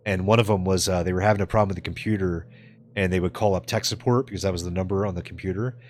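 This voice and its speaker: Low-voiced, swearing, laughing streamer guy. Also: fairly even intonation, very fast, slight background noise. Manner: loose and profane, joking and laughing often. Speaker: live streamer. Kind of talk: casual live-stream chat, reading and answering viewers.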